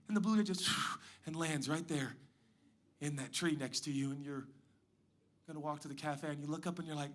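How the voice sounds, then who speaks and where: A man preaching a sermon as pastor, moving between loud emphatic lines and quiet hushed asides. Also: on the high side, fast talker. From Pacific Northwest.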